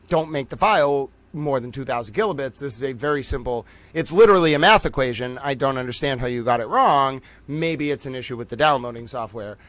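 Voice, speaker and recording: A man's voice: mid-range voice, fairly bright tone. A man hosting a casual livestream, talking to his chat with theatrical mock outrage while fiddling with his computer. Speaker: livestream host.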